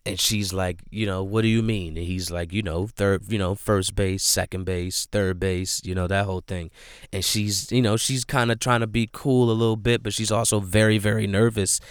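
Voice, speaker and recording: A man retelling a movie plot in a loose, rambling way, piling on "like" and "you know" as he goes. His voice sits low and smooth. The sound is dry and close, with no room echo, and he sounds earnest and emphatic about what he watched. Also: steady tone, normal speed. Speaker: movie reviewer. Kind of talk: casual movie recap.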